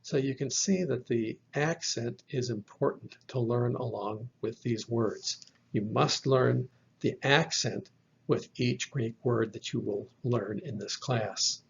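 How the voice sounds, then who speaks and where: A man gives a slide lecture at an unhurried, deliberate pace, spelling words out letter by letter. His voice is gravelly and a little husky. The recording sounds dull and lo-fi. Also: mid-range voice. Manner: slow, careful, spells out letters. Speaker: teacher.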